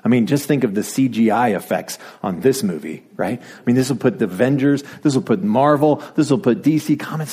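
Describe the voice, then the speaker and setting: A male pastor preaching a sermon in a playful, animated way, dropping to whispered asides as he acts out the story. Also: mid-range voice, a little fast, few pauses, breathy edge.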